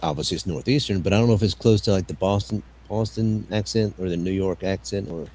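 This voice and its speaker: A man's voice: deep voice, fast talker, darkish tone, slight background noise. A man from the southern United States chatting casually, joking and swearing, often repeating his words. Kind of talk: casual chat.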